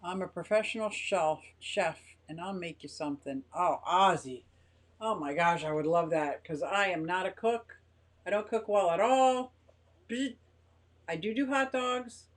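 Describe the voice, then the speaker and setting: A woman's voice: fairly low pitch, moderate pace. An older woman hosting a casual live stream from her home garage, chatting in a rambling way and reading viewer comments aloud.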